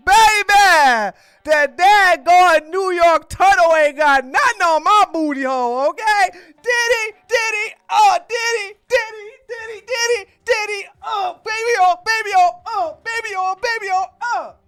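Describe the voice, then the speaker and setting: A woman's voice: very high-pitched, a little slow, few pauses, a bit bright, dry recording, pitched above the performer's own voice. A woman putting on a flamboyant, sassy man just out of jail, campy and drawling. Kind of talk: mocking podcast impression.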